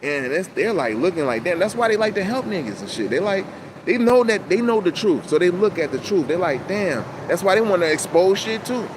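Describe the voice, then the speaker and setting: A man talking to camera in a casual, rambling monologue, animated and full of profane street slang, outdoors. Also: sits high, fairly quick. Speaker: channel host. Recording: loud outdoor traffic noise.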